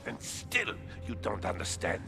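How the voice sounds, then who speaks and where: A man's voice: fairly low pitch, wildly swooping pitch, measured pace, creaky, over music, heavily acted. An actor voicing a grave, formal man in a game who accuses a companion of endangering them both.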